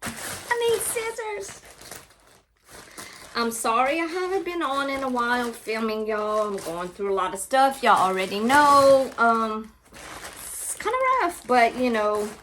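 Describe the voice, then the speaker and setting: A woman's voice: on the high side, normal speed, hardly any pauses, fairly bright tone, slight background noise. A woman from Louisiana chatting in a casual unboxing vlog, gushing and talking straight to her viewers. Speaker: craft and book channel host.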